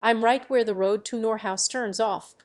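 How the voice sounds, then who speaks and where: A woman's voice: fairly high pitch, steady tone, moderate pace, lightly acted. A woman reading the lines of a startled adult male scientist who calls out uneasily into the night fog. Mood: uneasy.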